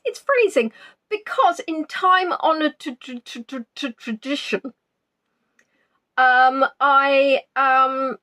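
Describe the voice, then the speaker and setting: An Englishwoman with a somewhat high voice chats away cheerfully from a spare room at home, greeting viewers one by one. Her talk is loose and jolly, full of little ums, as on a home live stream. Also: fairly bright tone. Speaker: online tour guide. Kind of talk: casual pre-tour chat on a live stream.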